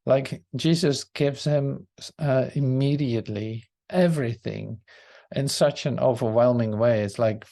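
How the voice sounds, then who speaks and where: A man's voice: mid-range voice, measured pace, gravelly, dark tone. A man leading a spiritual study group, musing on scripture in a searching, reflective way.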